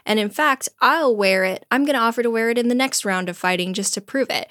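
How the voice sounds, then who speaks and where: A woman's voice: a little high, a little fast, fairly bright tone, no room sound, studio quality, lightly acted. Cyrano, a woman playing a dashing soldier-poet. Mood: bold. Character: bold witty male soldier-poet.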